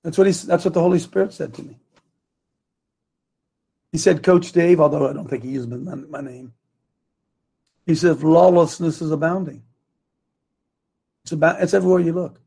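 A man's voice: on the high side, normal speed, creaky, long pauses, warm tone, breathy edge. A man hosting a live talk show, rambling and losing his train of thought as he speaks.

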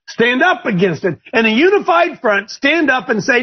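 Man, very high voice, husky edge, fiery exhorting preacher, dull lo-fi sound. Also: sing-song, normal speed, few pauses. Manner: exhorting, rises into shouts, hammers repeated phrases. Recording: dull lo-fi recording.

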